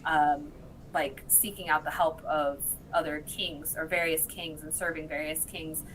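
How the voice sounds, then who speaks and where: A woman recapping TV episodes in casual chat, telling the story with lots of fillers and quick bits of the characters' lines. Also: deep voice, level tone, a bit bright, a little hiss or hum, low-quality recording. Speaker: podcast guest.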